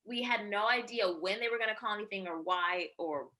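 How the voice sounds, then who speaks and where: Bright-voiced woman TV anchor guest. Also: mid-range voice, a little fast. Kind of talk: casual interview conversation.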